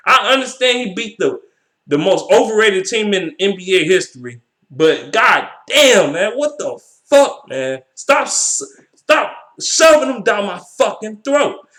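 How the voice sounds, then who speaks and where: A man's voice: high voice, sing-song, a little slow, a bit bright. A young man ranting heatedly about basketball as a sports vlogger, swearing and repeating himself. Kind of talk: profane sports rant.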